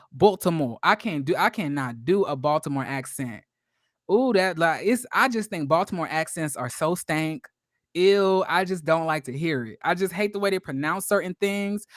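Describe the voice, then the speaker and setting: A man's voice: high voice, a bit bright, no room sound. Gossipy guy recapping reality tv for his viewers, lots of likes and y'alls, sassy, dry close sound. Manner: chatty and gossipy, addresses viewers as y'all, full of likes and you-knows; sassy, throws shade. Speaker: YouTube commentator. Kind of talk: casual reality-TV recap commentary.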